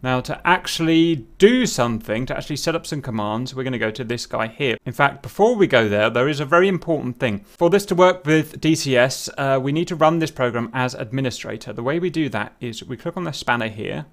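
A man casually explaining a software setup step by step in a screen-recorded tutorial, with fillers and asides. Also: medium pitch, expressive, brisk, hardly any pauses. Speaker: tutorial host.

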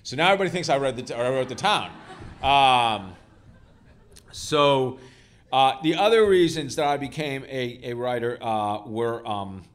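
A man's voice: medium pitch, animated, normal speed. A man, an author, telling self-deprecating stories to a live audience in a school hall, with frequent fillers and restarts. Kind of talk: live storytelling talk. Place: school auditorium before an audience.

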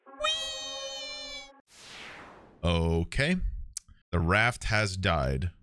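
Young man, gaming commentary, excitable, unhurried delivery, game music playing. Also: fairly low pitch. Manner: loud, swearing, excitable reactions. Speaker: gaming streamer.

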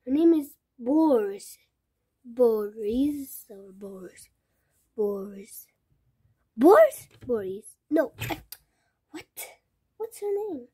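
A woman's voice: fairly high pitch, takes it slowly, long pauses, slightly rough, no echo, clean studio sound. A young female vlogger showing her stuffed toy collection in a casual, gushing way, often dropping into a whisper. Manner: gushing, excitable, drops into whispers.

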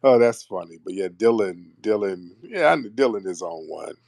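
Guy running a live call-in, low voice, teasing callers hard, blunt slang, dead dry audio. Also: big pitch swings, moderate pace, gravelly, darkish tone, dry recording. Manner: brash, mocking, blunt slang. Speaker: host of a live call-in stream. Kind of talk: casual live call-in banter.

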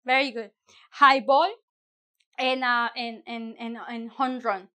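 Woman teacher, bright tone, playful chatty delivery, lots of fillers. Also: on the high side, level tone, normal speed, smooth. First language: Spanish. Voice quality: chatty, many fillers and restarts, playful asides. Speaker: Spanish teacher. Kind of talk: casual online language lesson.

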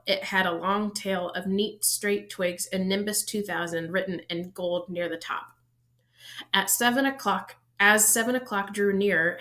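A woman reading a children's novel aloud, steady storytelling with the odd slip and self-correction. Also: mid-range voice. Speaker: audiobook reader.

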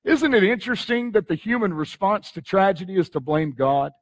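A man with a Texan accent preaching a dramatic sermon as pastor, reading scripture with sudden swings from loud to hushed. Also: sits high, expressive, fairly quick. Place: church sanctuary.

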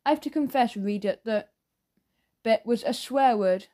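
Mellow, playful woman narrator. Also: fairly high pitch, moderate pace. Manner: playful, expressive storytelling. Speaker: audiobook narrator. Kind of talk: children's audiobook narration.

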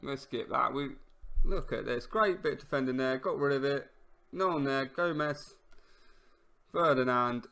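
A man with a medium-pitched, gravelly voice talks a little slowly while casually commentating his own football management game, let's-play style. He gets excitable, shouting at goals and near misses, and turns wry whenever he stumbles over player names.

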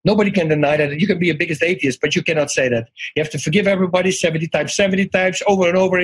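A middle-aged man with a Dutch accent talks as a guest in a casual interview, his voice husky and pitched a little high. He tells his stories with animation, acting out quoted lines and often restarting his sentences. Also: racing, low-quality recording. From Netherlands.

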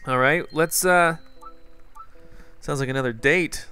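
A man's voice: on the high side, measured pace, pauses often, bright, forceful tone, soft background music. A man giving casual, rambling gameplay commentary and talking straight to his viewers. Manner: rambling, chatty, talks to viewers. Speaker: gaming YouTuber.

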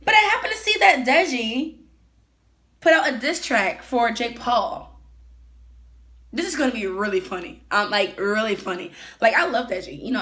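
A woman's voice: a little high, fairly bright tone. A woman chatting casually as she reacts to a video, giggly and full of fillers.

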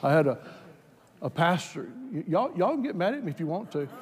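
A man preaching a sermon, moving from plain talk to loud, fervent exhortation. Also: very animated, fairly quick. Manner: builds from plain talk to shouted, high-pitched fervor. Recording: hall reverb.

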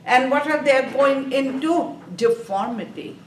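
A woman lectures a nursing review class at a slow, deliberate pace, posing questions and answering them herself. Her voice sits a little high. She is recorded from a distance in an echoey room with faint background noise. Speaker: nursing exam instructor.

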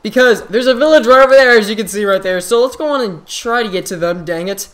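A man hosting his own channel, giving casual gameplay commentary in an excitable way, full of exclamations and quick restarts. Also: sits high. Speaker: gaming channel host.

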